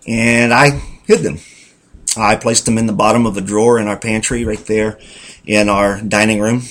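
A man giving an earnest, rambling personal testimony in a folksy storytelling manner. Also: on the low side. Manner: folksy, rambling, talks to himself as "Self"; earnest, reflective. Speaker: church member giving a testimony.

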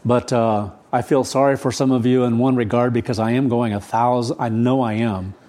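An older man in his seventies delivers a sermon at a hurried, adrenaline-charged clip. He rambles, restarts his sentences and circles back, sounding keyed up. His voice sits at an ordinary middle pitch for a man. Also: steady tone, warm tone. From United States. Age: 70s. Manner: rushed, rambling, restarts often. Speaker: pastor. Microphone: camera set up for recorded service.

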